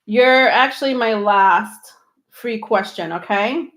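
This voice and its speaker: This tarot livestreamer speaks at a higher pitch, slowly and a bit brightly. Her casual talk to viewers is comforting yet meandering, thick with ums, and she's a touch out of breath.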